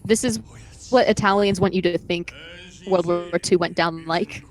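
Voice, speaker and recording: A young woman from the United States chatting casually on a game stream with a teasing, playful manner and deadpan jokes. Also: lowish voice, normal speed, low-quality recording. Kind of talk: casual chat.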